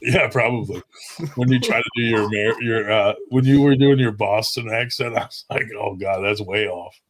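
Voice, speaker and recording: Low-voiced man, loose swearing podcast chat. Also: moderate pace. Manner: loose, swears freely, rambling. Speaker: podcast host. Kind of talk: casual chat.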